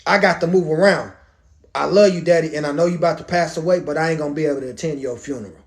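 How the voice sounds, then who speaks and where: A man's voice: fairly high pitch, very fast, voice pushed down, lightly acted. A man voicing a restless young son telling his father he must leave home, in casual slang.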